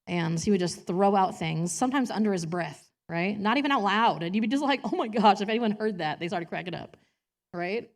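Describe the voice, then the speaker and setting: A woman's voice: medium pitch, expressive, brisk. Chatty, laughing woman preaching. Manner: chatty, self-deprecating, laughs often, acts out quotes. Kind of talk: personal sermon. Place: church.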